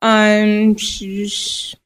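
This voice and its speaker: Slow, hesitant woman full of ums. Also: mid-range voice, completely flat delivery, clear, resonant tone. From Buffalo, New York. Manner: hesitant, many ums, soft-spoken. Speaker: podcast guest. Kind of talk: casual interview chat.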